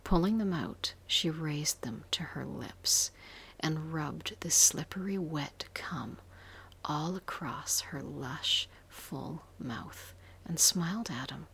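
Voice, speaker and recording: A woman reading a story aloud in a soft, unvoiced whisper throughout. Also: sits low, expressive, slow pace, gravelly, husky.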